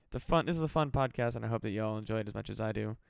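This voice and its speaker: A man's voice: lowish voice, racing, creaky, no echo. A tired man from the Midwest rambling casually and profanely as a solo podcast host. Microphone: home podcast mic.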